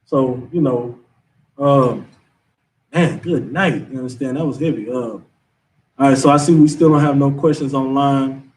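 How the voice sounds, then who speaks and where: A man's voice: medium pitch, measured pace, a little mellow, far from the mic, slight background noise. A man leading a scripture class, talking in an emphatic, casual preaching manner. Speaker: class teacher.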